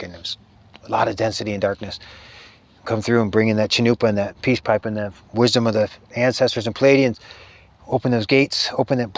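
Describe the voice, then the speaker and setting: A middle-aged man, a spiritual teacher, telling a meandering story in a halting way, full of restarts and trailing phrases. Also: on the low side.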